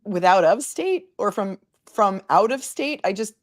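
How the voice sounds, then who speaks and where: A woman's voice: medium pitch, animated, a little slow. A woman attorney hosting legal commentary, chatting and reading court filings aloud with asides. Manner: conversational, reads documents aloud with asides. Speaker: attorney and channel host.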